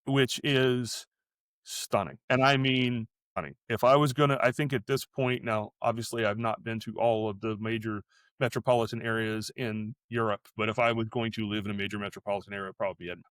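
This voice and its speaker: A man's voice: fairly low pitch, level tone, quick pace, a bit bright, smooth, no echo. A middle-aged American man co-hosting a podcast, telling a long story in casual chat and often breaking off and restarting his sentences. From United States. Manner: rambling, self-interrupting storyteller. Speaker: podcast co-host.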